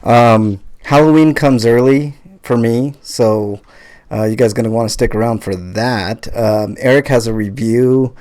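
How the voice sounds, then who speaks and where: A man's voice: mid-range voice, a little slow, a little mellow. A man hosting a live podcast in casual chat, joking and swearing, with lots of fillers. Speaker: podcast host.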